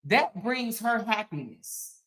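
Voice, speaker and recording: A woman's voice: a little high, animated, slow, a bit bright, roomy sound. A woman, hosting a casual commentary stream, talking emphatically and answering her chat. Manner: sassy, emphatic, talks back to chat. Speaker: commentary show host.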